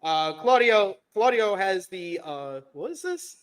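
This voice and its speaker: Male host with a higher-pitched voice, recaps wrestling news, calmly holds his ground. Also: measured pace. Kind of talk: casual wrestling show recap.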